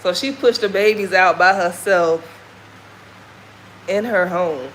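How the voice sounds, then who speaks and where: A woman's voice: fairly low pitch, slow pace, a bit bright, slight background noise, poor audio. A woman from the American South with a Southern accent, talking candidly and folksily in a casual walking vlog. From Southern United States. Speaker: vlogger. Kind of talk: casual chat while walking. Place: outdoors on a walk.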